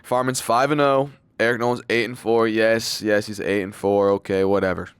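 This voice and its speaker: A man's voice: lowish voice, little pitch movement, moderate pace, clear, resonant tone, dry recording. Young man rambling casual fight picks. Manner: loose and slangy, full of fillers and swearing. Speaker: MMA fight predictions channel host.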